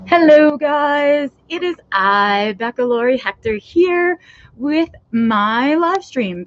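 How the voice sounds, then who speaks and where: A woman hosts her own live stream outdoors in a backyard, cold and shivering as she chats casually and rambles with lots of fillers. Her high voice is expressive and slow, and the audio sounds dull.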